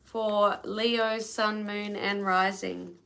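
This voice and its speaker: An Australian woman is reading tarot on a live stream and chatting loosely with her viewers as she goes. Her voice is bright and sits at a middle pitch. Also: level tone, extremely slow, gravelly. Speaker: tarot reader.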